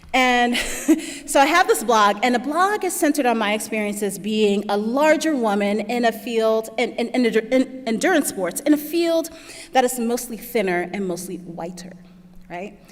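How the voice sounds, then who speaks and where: A woman's voice: a little high, very animated, normal speed, big-room sound. A woman giving a keynote talk, telling personal stories in a chatty way, laughing often and acting out what other people said. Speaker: keynote speaker. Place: large lecture hall.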